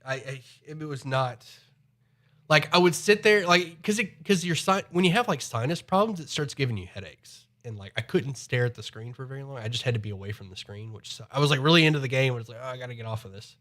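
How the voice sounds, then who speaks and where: A man's voice: mid-range voice, animated, brisk, fairly bright tone. A man live streaming from home, chatting in a rambling way, his voice slightly nasal from a cold. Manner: rambling, chatty, repeats himself. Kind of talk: casual chat.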